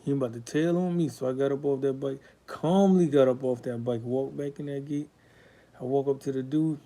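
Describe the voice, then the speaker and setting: A man with a very dark, mellow voice recounts his past. He talks bluntly and swears freely, and there is raw emotion under it. It sounds like a candid guest interview. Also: medium pitch, steady tone, a little fast. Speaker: guest telling his life story. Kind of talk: candid storytelling.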